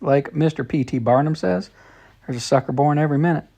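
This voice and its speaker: Wry know-it-all frontier lady, man reading her, raspy. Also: a little high, fairly quick, mellow.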